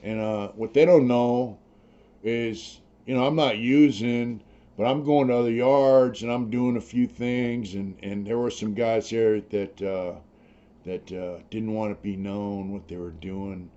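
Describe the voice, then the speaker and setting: A middle-aged man with a low, dark voice tells prison stories in a blunt, streetwise way, swearing freely. The audio is slightly dull and lo-fi. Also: steady tone, measured pace. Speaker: former prisoner telling his story. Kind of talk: casual storytelling, profane.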